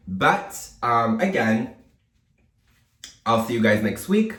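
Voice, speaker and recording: A man's voice: medium pitch, very animated, takes it slowly, long pauses, a bit bright, reverberant, far from the mic, soft background music. A man talking casually to his viewers as a makeup vlogger, chatty, playful and self-mocking, with the odd swear. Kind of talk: casual chat to camera.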